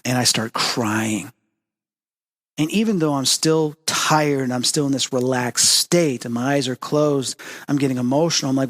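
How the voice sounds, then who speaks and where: Male host, mid pitch, animated storyteller who acts out dialogue; long hall reverb. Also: fairly quick. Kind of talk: storytelling monologue.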